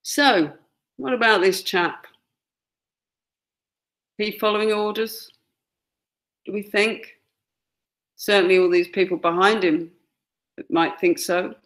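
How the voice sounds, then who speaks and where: A woman's voice: medium pitch, slow, pauses often, a bit bright. A woman gives a classroom lecture, pointing out pictures and acting out quoted lines. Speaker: teacher.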